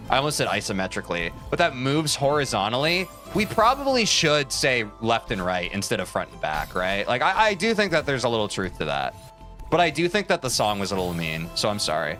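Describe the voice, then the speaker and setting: Guy streaming a game, bright voice, goofy rambling to chat, bit of music behind. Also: lowish voice. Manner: jokey, rambling, self-mocking, talks to chat. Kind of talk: casual live-stream commentary while playing.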